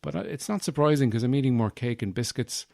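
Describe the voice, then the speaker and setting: A man's voice: mid-range voice, lively intonation, fast, creaky, darkish tone, no echo. A man hosting a podcast in a rambling comic monologue, meandering and self-mocking, with many fillers, on a close mic. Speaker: podcast host.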